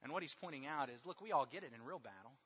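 A man preaching a sermon, emphatic and repetitive, drawing out key words slowly for stress. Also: mid-range voice, animated, fairly bright tone, breathy edge. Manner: emphatic, with rhetorical repetition and slow drawn-out stresses. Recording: long hall reverb, dull lo-fi sound.

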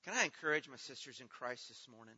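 A middle-aged man preaching a sermon as pastor, earnest, moving between hushed, slow passages and loud, pleading ones. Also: medium pitch, animated, slightly rough. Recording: dull sound with long hall reverb.

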